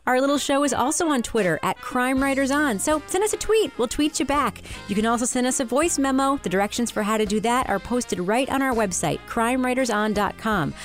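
A woman's voice: fairly high pitch, lively intonation, fairly quick, hardly any pauses, soft background music. A woman hosting a podcast, chatting casually and reading news items with a wry edge. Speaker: podcast host. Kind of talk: casual chat.

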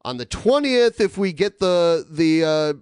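A man's voice: fairly high pitch, animated, unhurried, smooth, no echo, studio quality. A man hosting a casual podcast, rambling through announcements and reading donation messages aloud with lots of filler words. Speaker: podcast host.

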